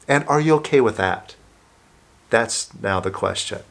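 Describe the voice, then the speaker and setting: A man calmly guiding the listener through a self-help exercise, speaking step by step as a coach. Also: lowish voice. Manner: slow, calm, coaching listener through steps.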